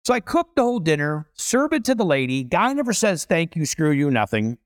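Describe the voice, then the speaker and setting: A middle-aged man tells stories in an interview, swinging his pitch up and down with big expressive energy. He jumps into voices for the people in his anecdotes. The sound is close and dry, with no room around it. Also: fairly quick, no echo. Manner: animated, acts out voices in stories. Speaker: chef and restaurateur guest. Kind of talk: storytelling interview.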